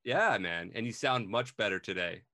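A man co-hosts a laid-back podcast, jokey and upbeat and quick to laugh. His voice sits a little low and sounds dry and close, like a headset mic in a quiet room. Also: animated, no echo. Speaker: podcast co-host. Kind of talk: casual podcast chat.

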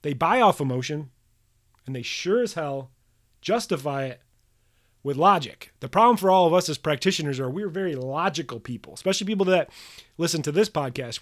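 A man hosting a solo podcast for practitioners, talking bluntly and emphatically, swearing casually and repeating his key points. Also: fairly high pitch. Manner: emphatic, drills points with repetition. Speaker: podcast host coaching manual therapy practitioners.

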